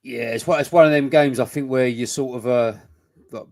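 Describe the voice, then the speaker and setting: A man's voice: mid-range voice, steady tone, brisk, no echo. A man, co-hosting a casual football podcast, blunt and sweary with rambling restarts. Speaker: podcast co-host.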